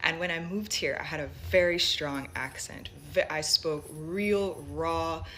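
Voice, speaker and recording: Woman from Jamaica, young adult, low voice, reflective storytelling, faint background hiss. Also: unhurried. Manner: animated, reflective, laughs now and then. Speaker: interviewee. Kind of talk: personal storytelling.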